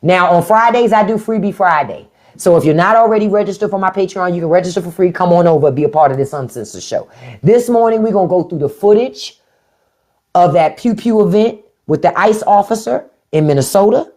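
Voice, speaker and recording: Speaking brisk and low, with a slightly mellow quality, this woman hosts a podcast live stream and addresses her viewers directly. Her unfiltered commentary is blunt and full of profanity, picked up by a phone or webcam mic.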